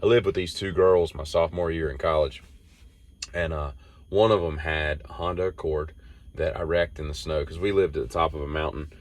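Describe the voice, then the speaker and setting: A man's voice: very deep voice, steady tone, brisk. A man, hosting a rambling solo monologue and telling off-the-cuff stories that wander. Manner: meandering, off-the-cuff storytelling. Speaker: host.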